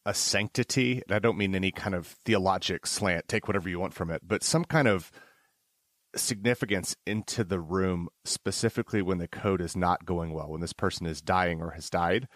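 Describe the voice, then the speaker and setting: A man with a lowish voice speaks earnestly and reflectively as a doctor on a panel. The sound is dry and close to the mic. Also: fairly bright tone, dry recording. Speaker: emergency physician. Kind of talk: casual panel discussion.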